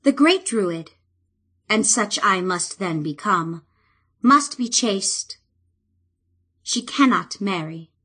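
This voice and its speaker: A woman's voice: mid-range voice, expressive, takes it slowly, pauses often, fairly bright tone, breathy edge, heavily acted. A woman reading as an earnest young druid woman. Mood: tender.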